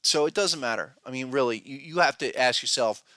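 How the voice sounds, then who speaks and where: A man hosting a podcast talks through his market views in a bright, edgy voice. He speaks emphatically and restlessly, breaking off and restarting his sentences. The sound is close and dry, with no room around it. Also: mid-range voice, brisk, dry recording. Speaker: podcast host, trading educator. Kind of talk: casual podcast commentary.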